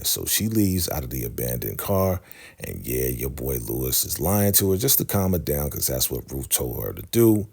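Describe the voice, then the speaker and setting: Deep gravelly man recapping a show. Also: very animated, moderate pace, a little mellow. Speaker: show host recapping a TV episode. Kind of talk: casual recap narration acting out the scenes.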